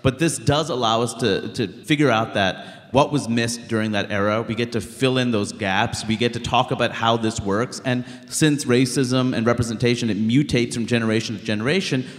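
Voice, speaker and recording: Speaking at a moderate pace with a mid-range voice, a stand-up comedian from Queens in his thirties answers a live stage interview bluntly and animatedly, leaning heavily on "like." The setting is a hall's show stage, captured with reverberant live-hall acoustics.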